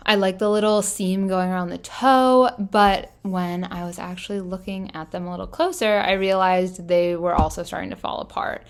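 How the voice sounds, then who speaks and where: Young woman, casual vlog voice-over, chatty and upbeat, scattered filler words, mid pitch. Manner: chatty, enthusiastic, lots of "like" fillers. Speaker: fashion vlogger. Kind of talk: casual thrift-haul voice-over.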